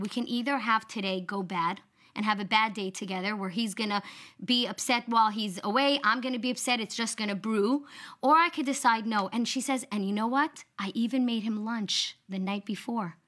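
A woman's voice: on the high side, moderate pace, fairly bright tone. A woman guest on a talk show retelling a family story, acting out quoted lines with animation.

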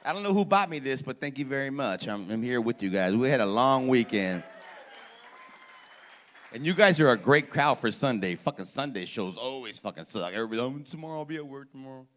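A man's voice: mid-range voice, expressive, brisk, a bit bright. A male stand-up comedian on a comedy club stage, doing crowd work in brash, profane, slangy street talk and teasing the audience.

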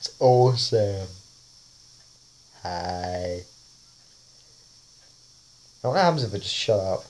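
A man's voice: lowish voice, expressive, slow, long pauses, a little mellow. A man casually talking over a face-swap app, rambling and often laughing. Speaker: vlogger.

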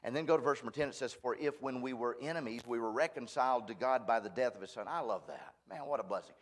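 Here a guest preacher talks quickly at medium pitch while preaching in church. He comes across as homespun and insistent, and he isn't above making himself the butt of the joke.

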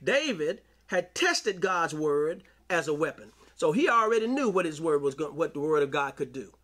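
Male preacher, high voice, AAVE, sermon delivery with call-outs. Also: very animated, moderate pace. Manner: preaching with call-outs and scripture reading, rising to shouts. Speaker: pastor.

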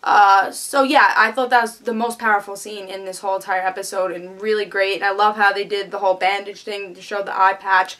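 A woman's voice: medium pitch, flat delivery, a little fast, hardly any pauses, a bit bright. A woman giving a casual, eager TV episode review, chatty and full of fillers. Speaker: TV show reviewer.

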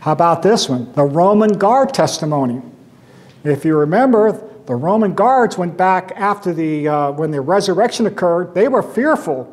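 A man's voice: high voice, animated, normal speed, a little mellow. A man teaching a Sunday school class, talking conversationally, asking rhetorical questions and quoting scripture with emphasis.

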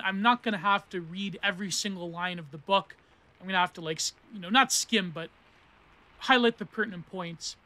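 A man of thirty with a high, bright voice hosts a casual book review podcast. He rambles and corrects himself as he goes. Dense academic terms run alongside internet meme slang. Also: no room sound. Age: 30s. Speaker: podcast host reviewing philosophy books.

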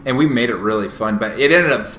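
Bright-voiced man telling rambling stories. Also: medium pitch, fast talker. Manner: animated, rambling, many fillers and restarts. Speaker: podcast guest, real estate agent. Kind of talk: casual interview storytelling. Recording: roomy echo, faint noise.

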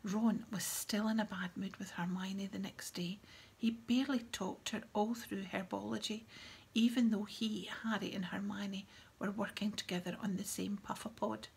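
Breathy husky lady reading a book out loud, kinda gravelly, soft half-whisper. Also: mid-range voice, steady tone, moderate pace. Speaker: audiobook reader. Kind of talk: reading a novel aloud.

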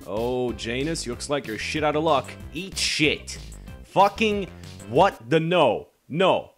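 Foul-mouthed man in animated gaming commentary. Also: fairly high pitch, moderate pace, soft background music. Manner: swears constantly, swings between mock bravado and frustration; sarcastic. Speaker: gameplay commentator. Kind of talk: profane live gameplay commentary.

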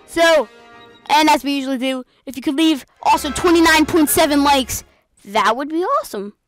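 A woman hosting a let's play video, giving excitable, playful commentary over the game and mimicking the characters. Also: high voice, moderate pace, music in the background. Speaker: gaming channel host.

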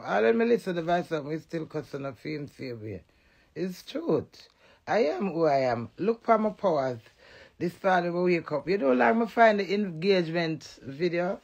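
A woman with a Jamaican accent ranting defiantly to the camera, swinging between loud outbursts and low mutters. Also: vocal fry, breathy edge. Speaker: vlogger. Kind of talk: emotional direct-to-camera rant.

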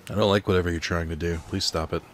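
Very deep-voiced man narrating gameplay. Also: fairly even intonation, quick pace, slight background noise. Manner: rambling, thinking aloud while reading card text. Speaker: let's play host. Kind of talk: casual gameplay commentary. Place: home apartment.

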